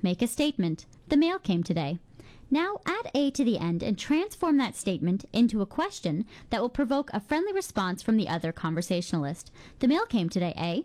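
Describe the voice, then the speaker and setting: A Canadian woman hosting a scripted radio feature, reading with a bright, playful delivery. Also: fairly high pitch, big pitch swings, fairly quick. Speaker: campus radio host.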